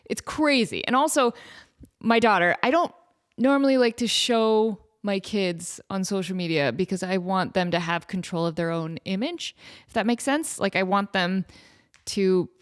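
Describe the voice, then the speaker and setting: A woman in her thirties hosting her own podcast, talking casually with frequent laughs and fillers. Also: mid-range voice. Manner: chatty, laughing, lots of fillers. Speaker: podcast host. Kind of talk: casual chat.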